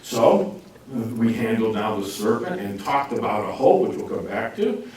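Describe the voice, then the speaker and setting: Man, informal Bible teacher, lively jokey delivery, very echoey room, distant from the mic. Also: moderate pace. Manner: jokey, animated, acts out quotes with lively pitch swings. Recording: roomy echo, speaker far from mic, faint noise.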